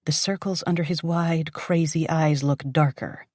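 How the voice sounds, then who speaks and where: A woman narrating a dark romance audiobook in the first person, intense and dramatic, often dropping to a whisper. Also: low-pitched, fairly even intonation, moderate pace, few pauses, no room sound, studio quality.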